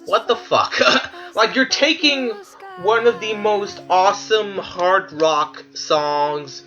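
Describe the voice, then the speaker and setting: A man's voice: high-pitched, slow pace, pushed and bright, highs cut off, soft background music. A man giving casual, profane commentary while ranking clips, ranting in disbelief and laughing. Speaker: video creator ranking clips.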